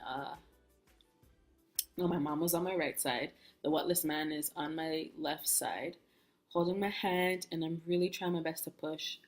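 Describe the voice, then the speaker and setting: A young woman with a lowish voice shares a personal story in a frank, lively way, slipping into the voices of the people in it. Soft music plays quietly under her. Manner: candid, animated storytelling, acts out quoted speech. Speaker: vlogger. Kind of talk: casual storytime chat. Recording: soft music bed behind.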